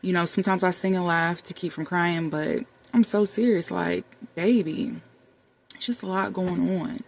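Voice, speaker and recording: In a warm room with the air conditioner humming, a vlogger in her thirties speaks candidly to camera, heartfelt and conversational, calling viewers y'all and baby. Her voice is fairly low, steady and creaky, at a moderate pace.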